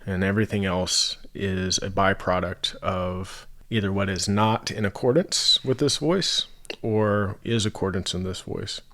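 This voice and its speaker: A man's voice: low voice, steady tone, unhurried, fairly bright tone. A man in his thirties, a podcast guest, telling his personal story in an earnest, emotional way, with lots of fillers and restarts. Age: 30s.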